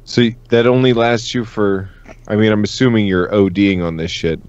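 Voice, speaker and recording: A man's voice: on the low side, fairly even intonation, normal speed, darkish tone, muffled recording. A man co-hosting a casual comedy podcast, joking around and tripping over long words. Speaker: podcast co-host.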